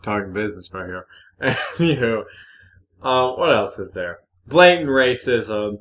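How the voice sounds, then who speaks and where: A man's voice: fairly low pitch, measured pace. A young man co-hosting a casual podcast, originally from the north, who swears freely, laughs often and tells stories with energy. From northern United States. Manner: swears a lot, laughs often, animated storytelling. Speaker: podcast co-host. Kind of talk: casual chat.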